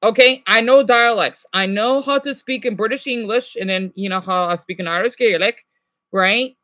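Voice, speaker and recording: Bright-voiced rambling American man. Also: sits high, moderate pace. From United States. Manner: rambling, many restarts and fillers. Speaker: streamer. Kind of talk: casual live chat with viewers.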